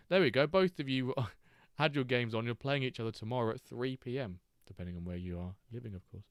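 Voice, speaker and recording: A man's voice: lowish voice, no echo. A man hosting a live stream, chatting casually and joking as he reacts to chat and the games.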